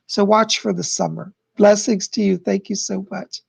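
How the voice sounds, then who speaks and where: A man's voice: high-pitched, steady tone, moderate pace, creaky, slightly rough. A man hosting a live stream of psychic readings, chatty and rambling, who keeps repeating what the spirits say. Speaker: psychic livestream host.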